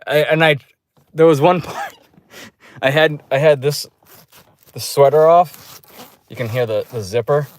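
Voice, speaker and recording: A man's voice: fairly high pitch, unhurried, pauses often, no echo. Profane rambling man in a dry room. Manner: profane storytelling with animated re-enacted outbursts; loose, restarting delivery. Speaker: movie reviewer. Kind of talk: rambling casual vlog review. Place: dark room.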